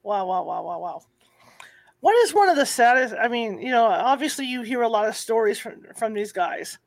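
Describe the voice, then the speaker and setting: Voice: mid-range voice, animated, brisk, no echo. An interviewer who asks questions casually, often stumbling and repeating words, with frequent murmured agreement.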